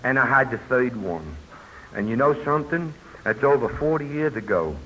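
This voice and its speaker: A man's voice: medium pitch, lively intonation, moderate pace, fairly bright tone. An older man, speaking at a recovery convention and telling his story in a plainspoken way with folksy asides. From New York. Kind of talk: personal testimony talk. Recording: muffled old tape with hiss.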